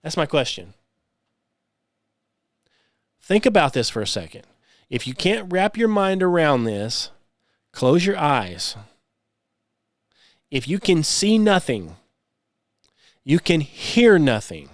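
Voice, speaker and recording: A man's voice: a little high, big pitch swings, slow, pauses often, dry recording, clean studio sound. A man hosting a solo podcast, speaking, mocking and sarcastic, full of rhetorical questions. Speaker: podcast host.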